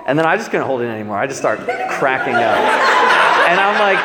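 A man preaching, telling a lively story about pranking a friend and acting out both sides of the calls. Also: on the high side, fairly quick, heavy background noise. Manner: animated, laughing storyteller acting out a phone prank. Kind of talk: sermon storytelling. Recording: echoey hall with a crowd.

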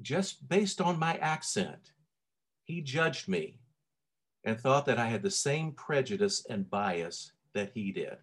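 A middle-aged pastor from Tennessee with a Southern accent, preaching a sermon in a relaxed, conversational way with frequent fillers and restarts. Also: male voice, mid-range voice, takes it slowly, breathy edge.

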